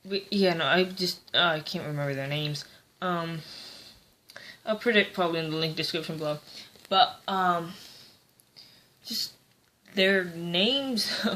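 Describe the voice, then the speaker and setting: A woman's voice: fairly low pitch, a bit bright. A woman giving a casual, rambling book review, hesitant and full of fillers.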